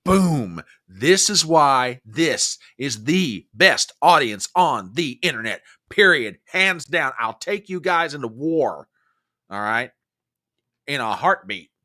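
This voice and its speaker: Bright-voiced ranting male stream host. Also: mid-range voice. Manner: emphatic, ranting, swings from warm to furious. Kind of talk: live-stream commentary reading viewer comments.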